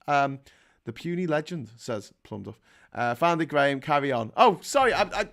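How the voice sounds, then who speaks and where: A man's voice: mid-range voice, big pitch swings, a little fast, a bit bright. A middle-aged man with a Liverpool accent, hosting a casual livestream, sarcastic and full of swearing as he rants and reads out chat messages. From England. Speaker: livestream host.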